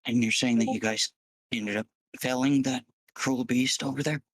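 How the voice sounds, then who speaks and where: A man's voice: mid-range voice, steady tone, dry recording, poor audio. Stammering man playing a tabletop game. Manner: stammering, halting and playful. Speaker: player. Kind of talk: casual in-character chat.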